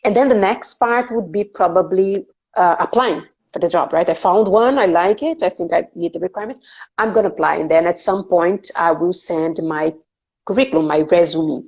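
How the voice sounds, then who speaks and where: A woman's voice: on the low side, moderate pace, darkish tone, lo-fi sound. A woman hosting a career interview, chatty and laughing often as she explains with examples. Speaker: podcast host interviewing a career guest. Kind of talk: casual interview chat.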